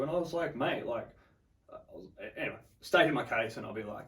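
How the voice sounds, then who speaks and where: Fast-talking Australian man telling a story. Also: medium pitch, animated, a bit bright, distant mic. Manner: swears a lot, acts out quotes. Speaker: podcast guest, rapper. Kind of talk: casual storytelling.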